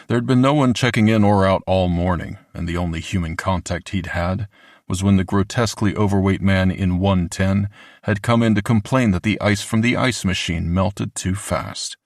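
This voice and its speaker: A man narrating an audiobook with steady, even storytelling. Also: sits low, no room sound, studio quality. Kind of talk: scripted narration.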